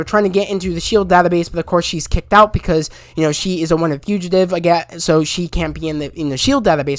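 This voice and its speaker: Man, casual spoiler recap, rambling, filler-heavy, excitable bursts, dry close-mic sound. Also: on the high side, dry recording. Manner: rambling, heavy on fillers, gets loud and excited retelling scenes. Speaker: show recap reviewer.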